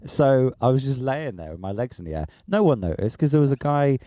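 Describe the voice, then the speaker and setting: A man co-hosting a podcast, telling an animated, sweary story in casual chat. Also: medium pitch, fairly quick, no room sound, studio quality. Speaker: podcast co-host.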